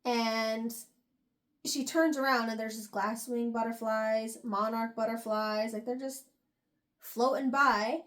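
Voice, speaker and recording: A young woman with a slightly high voice recaps a novel's plot for her podcast. She rambles in a loose, animated way, full of fillers and quick asides. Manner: rambling, animated retelling with frequent "like" and laughs. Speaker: book review podcast host. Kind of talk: casual book recap.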